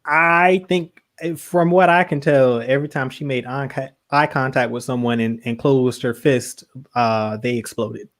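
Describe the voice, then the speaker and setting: A man co-hosting a podcast in casual chat, animated, with quick asides and laughs. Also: medium pitch. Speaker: podcast co-host.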